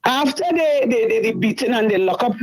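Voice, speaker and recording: On a talk show, a middle-aged woman calls in and recounts a distressing story, repeating herself along the way. Her voice is slightly high, expressive and fairly quick, and the recording quality is low.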